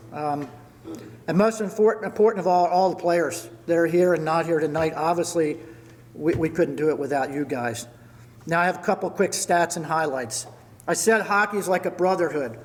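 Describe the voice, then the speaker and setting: A man's voice: fairly high pitch, moderate pace, in a large hall. An older man, a retiring hockey coach, giving a storytelling speech at a party and thanking people by name. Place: large event hall.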